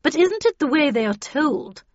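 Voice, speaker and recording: A woman's voice: a little high, animated, unhurried, dry recording. An imperious older lady in an audiobook speaks in a firm tone no one argues with, as a woman narrator puts her on. The recording is dry and slightly muffled. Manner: not-to-be-argued-with.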